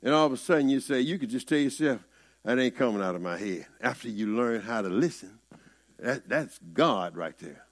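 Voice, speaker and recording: A man's voice: medium pitch, lively intonation, normal speed. A man with a Southern US accent, preaching a conversational sermon in a folksy, rising-and-falling way.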